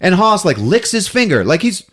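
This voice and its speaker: Male podcast host, animated storyteller, wide-ranging pitch. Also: normal speed. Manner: animated storytelling, laughing often. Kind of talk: casual movie recap.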